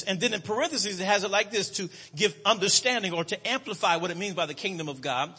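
A man preaching a sermon in a church, with a rhythmic cadence, drawn-out emphatic words and frequent calls to the congregation. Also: high voice, sharp tone, slightly rough. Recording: long hall reverb.

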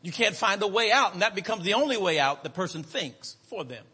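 High, lively preacher with hall reverb. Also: male voice, slightly rough. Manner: rhythmic preaching cadence, drawn-out emphatic words, calls to the congregation. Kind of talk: sermon.

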